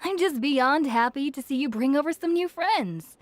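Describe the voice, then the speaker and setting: A woman's voice: high-pitched, lively intonation, normal speed, no room sound. An actress voicing a friendly, chatty young female tavern keeper who talks politely and likes to gossip. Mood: friendly, gossipy. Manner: polite, gossipy, warm to customers.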